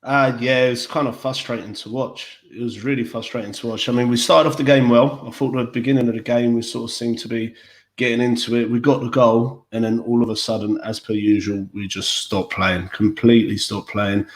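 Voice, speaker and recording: A man with an English accent, a podcast guest talking football in an easygoing, relaxed way. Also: medium pitch, brisk. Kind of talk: casual football podcast chat. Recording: echoey room.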